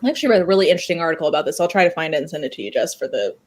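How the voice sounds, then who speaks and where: A woman on a video call in a casual book club discussion, animated and critical as she thinks aloud. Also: sits low, rapid-fire.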